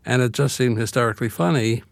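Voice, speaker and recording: A man's voice: medium pitch, fast, creaky, no room sound. An older man from Brooklyn talks with a wry, reflective humor as an interview guest. The sound is dry and close to the mic. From Brooklyn, USA. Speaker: guest author. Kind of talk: casual interview conversation.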